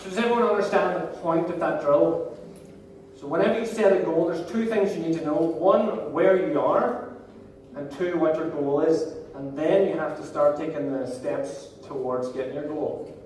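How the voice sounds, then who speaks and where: A man's voice: fairly high pitch, normal speed, a little mellow. A man in his thirties with a Northern Irish accent gives a playful, jokey seminar talk as a motivational speaker, directing the crowd. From Northern Ireland. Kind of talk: live seminar talk to an audience. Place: large echoey hall. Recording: echoey hall from far off with background noise.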